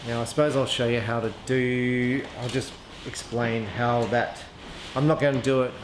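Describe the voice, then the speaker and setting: A man's voice: medium pitch, fairly even intonation, moderate pace. Man, casual gear review, hesitant, lots of ums, echoey room, faint background noise. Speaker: archery equipment reviewer. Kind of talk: casual product review, thinking aloud.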